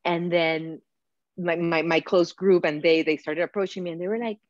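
Woman, lively storyteller, low voice, dry muffled sound. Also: normal speed, no echo. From Panama. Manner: animated, laughing, acts out quotes, many "like" fillers. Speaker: podcast guest, yoga teacher. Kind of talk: casual storytelling interview. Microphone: video call.

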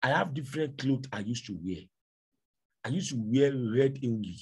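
A preacher voicing a gloating male devil in a sermon story, slow and drawn-out with a raspy voice. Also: mid-range voice, animated, a little mellow. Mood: taunting.

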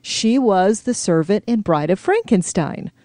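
A woman guesting on a podcast, chatting in a calm, measured way. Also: medium pitch, dry recording, studio quality. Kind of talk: casual chat.

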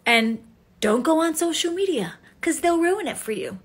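A woman in her thirties chatting casually on a livestream, excitable and emotional, laughing often. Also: very high voice, normal speed. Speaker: livestream host. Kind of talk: casual live chat.

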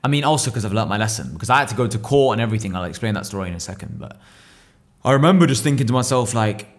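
A young man in his twenties, a podcast guest telling a story in slangy, profane, lively casual talk. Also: on the low side. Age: 20s. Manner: profane, slangy, animated retelling.

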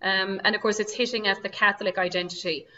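A woman's voice: medium pitch, steady tone, fast, pushed and bright, distant mic, dull audio. A woman with an Irish accent giving a virtual presentation in a conversational way, with frequent fillers. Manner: conversational, full of "you know" fillers. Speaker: museum director presenting a talk. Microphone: video call.

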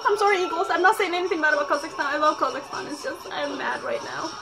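A woman vlogging her reaction to a video on a phone, talking excitably with loud outbursts and laughter. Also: extremely high pitch, fast, low-quality recording. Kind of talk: reaction vlog chat. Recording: music playing loudly behind. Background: music from the video being watched.

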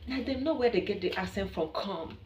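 A woman's voice: medium pitch, a little fast, crowd noise. Chatty Kenyan woman in an echoey room. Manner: chatty, playful and animated, laughs often. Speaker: vlogger. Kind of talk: casual vlog chat to camera. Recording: echoey room with a distant mic.

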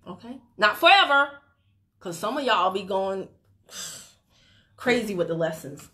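A woman with a slightly high voice talks straight into her phone on a livestream, coaching her sales team. She is chatty and teasing, slipping from firm advice into playful asides. Her motivational talk is loose and unscripted. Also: big pitch swings, slow, pauses often, sharp tone. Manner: chatty, teasing, breaks into laughter. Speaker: network marketing team leader. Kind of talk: motivational Facebook Live talk.

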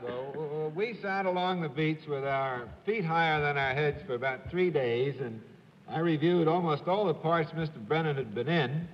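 Halting guy on an old quiz panel, bit high voice, muffled lo-fi sound. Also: slight background noise. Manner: hesitant, halting. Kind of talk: game show questioning. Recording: dull 1950s TV studio sound with hall echo.

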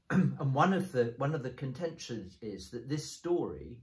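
Male bishop, conversational teaching voice, mid pitch, restarts often, recorded in an echoey room. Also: sing-song, measured pace, a little mellow. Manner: thoughtful, explains step by step with frequent restarts. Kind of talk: conversational bible discussion. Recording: roomy echo.

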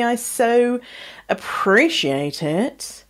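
A woman podcast host getting over a cold, her voice slightly husky, chatting frankly and laughing often. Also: lowish voice, unhurried, a little mellow. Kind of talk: casual podcast chat.

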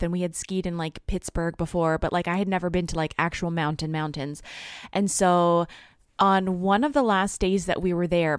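A woman's voice: lowish voice, clear, resonant tone, no room sound, studio quality. A woman co-hosting a podcast, telling a rambling story in casual chat and laughing often. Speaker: podcast co-host.

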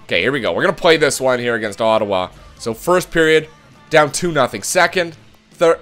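Excitable bright-voiced gamer man. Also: mid-range voice, a little fast, faint music behind. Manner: excitable, swears and shouts at the game. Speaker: gaming channel host. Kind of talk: let's-play commentary.

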